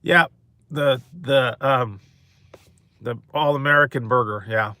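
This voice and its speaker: A man's voice: medium pitch, slow pace, sharp tone, no echo. A man hosting a food mukbang, chatting casually with live viewers and rambling, chuckling often. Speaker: mukbang host.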